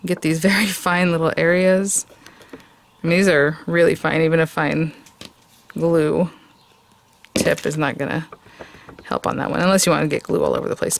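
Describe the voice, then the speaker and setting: A woman's voice: on the low side, a little hiss or hum. A middle-aged woman hosting a casual crafting tutorial, chatting, thinking aloud and laughing often as she works. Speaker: craft video host.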